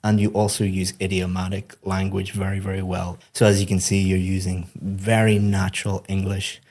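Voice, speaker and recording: A man's voice: deep voice, little pitch movement, moderate pace, darkish tone. A man, an English teacher, giving a student patient, encouraging feedback on a speaking test in a podcast.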